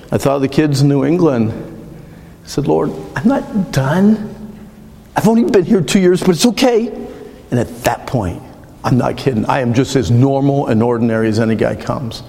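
A middle-aged man preaching a sermon, telling a personal story in an earnest, emotional, halting way and ending in prayer. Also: medium pitch, creaky, mellow. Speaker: pastor. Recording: long reverb of a large hall.

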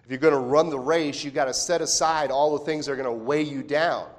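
A man's voice: a little high, steady tone, brisk. A man preaching a sermon as pastor, talking in a conversational way with frequent rhetorical questions and restarts. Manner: repeats words when restarting phrases.

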